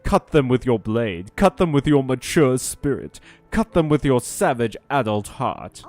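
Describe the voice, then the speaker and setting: A man's voice: mid-range voice, sing-song, a little slow, a little mellow, soft background music. A man voicing an eager, odd female bug creature who gushes in broken grammar. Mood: gushing.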